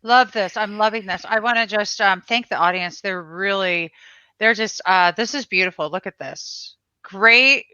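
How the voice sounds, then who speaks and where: A woman's voice: medium pitch, moderate pace, sharp tone, clean tone, no room sound, highs cut off. A woman hosting a live-streamed interview, effusive and exclamatory. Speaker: host.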